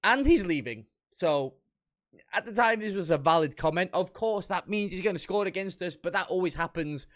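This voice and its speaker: A man's voice: high-pitched, lively intonation, normal speed. A young man giving casual reaction commentary, reading comments aloud and picking them apart with wry amusement.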